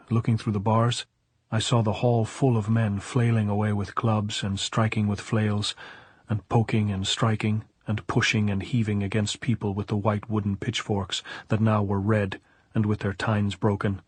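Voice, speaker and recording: A man with a low, husky voice narrates a novel at an even, measured pace. The recording is dry and close, with no room sound. His delivery stays steady, like audiobook storytelling. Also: dry recording. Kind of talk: reading a novel aloud.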